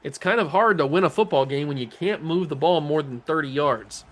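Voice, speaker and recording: A man with a slightly higher-than-average voice calls his own video game session play by play, cracking jokes and talking to himself. He drops to low mutters during tense moments and jumps into excited yells when something big happens. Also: brisk, soft background music. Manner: joking, self-talking, swings between mutter and excited yells. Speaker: gaming channel host.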